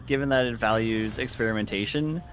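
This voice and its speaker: A man's voice: lowish voice, fairly quick, a bit bright. A man co-commentating a game stream, enthusiastic, cheering plays and humming tunes aloud. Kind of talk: casual live-stream chat. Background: faint game music.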